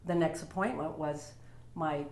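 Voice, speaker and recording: A woman's voice: low voice, fairly even intonation, measured pace, a little mellow. A woman at home telling her personal story in a casual, heartfelt and rambling way, full of fillers. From Utah. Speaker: vlogger sharing a personal story. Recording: roomy echo.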